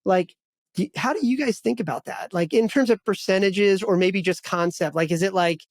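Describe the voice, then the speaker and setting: A man's voice: high-pitched, moderate pace, no room sound. A man in his forties hosting a podcast interview, telling rambling stories in a casual chat with many restarts. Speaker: podcast host.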